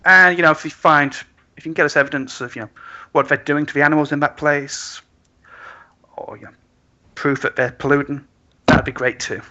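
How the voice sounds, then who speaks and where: A grudging, sarcastic woman fixer from a tabletop game, put on by a man in his own voice. The voice is bright and forceful, the delivery blunt. A dull lo-fi mic. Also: a little high, fairly even intonation, fairly quick, long pauses.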